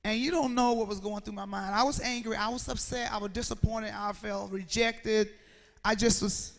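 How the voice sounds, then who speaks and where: A motivational speaker from Mississippi, a woman in her 40s, tells a story to students in a school assembly hall, acting out its dialogue and quizzing the audience. Her mid-range voice holds a steady tone at normal speed, and the hall's reverb makes the recording echoey.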